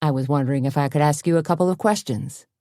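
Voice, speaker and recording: A woman voicing a young, cocky male newspaper reporter in an audiobook, brisk and mocking. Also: a little high, mellow, no echo, studio quality, close to an everyday voice. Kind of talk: audiobook character voice.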